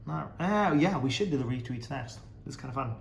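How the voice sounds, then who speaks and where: A man's voice: medium pitch, lively intonation, a little fast, creaky, echoey room, slight background noise. A man hosting a casual podcast, reading viewer comments aloud and mocking them sarcastically, swearing freely. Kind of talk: casual chat.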